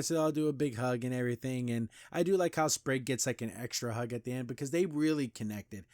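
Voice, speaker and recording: A man's voice: mid-range voice, fairly quick, few pauses, a little mellow, dry recording. A man hosting a podcast recaps an episode in a loose, rambling way, full of "like" and restarts. His voice sits in an ordinary middle register. The recording is close and dry, with no room sound. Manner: loose retelling with frequent "like" and restarts. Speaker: podcast host.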